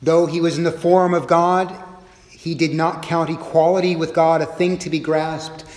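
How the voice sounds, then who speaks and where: A middle-aged pastor preaches a sermon in an expressive, humorous style, varying his pace and volume as he acts out quotes. His voice is a little high and moves at a normal speed. The echoey room gives it a big-room sound.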